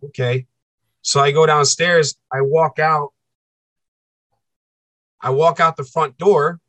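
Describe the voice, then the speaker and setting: A man with a slightly high voice tells a personal story as a podcast guest. He talks intensely, circles back to repeat phrases and acts out the voices of the people in the story. The recording is close and dry. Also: steady tone, takes it slowly, fairly bright tone, dry recording.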